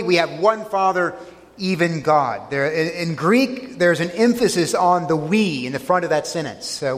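A man's voice: a little high, lively intonation, unhurried. Preaching man in a reverberant hall. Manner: earnest preaching, retells scripture scenes with vivid emphasis. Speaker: pastor. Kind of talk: sermon.

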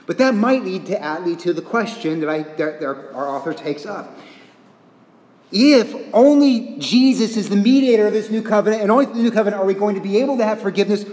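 A man preaching an expository sermon with earnest emphasis, moving between quiet stress and rising intensity. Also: high-pitched, animated, brisk. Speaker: pastor. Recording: echoey hall, reverberant.

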